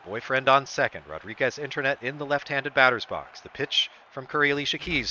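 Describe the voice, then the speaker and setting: Excitable man calling a video game ballgame. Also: medium pitch, a little fast, hardly any pauses, highs cut off. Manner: excitable, voice jumps up on big plays. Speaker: streamer doing play-by-play. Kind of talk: sports-style play-by-play commentary of a video game.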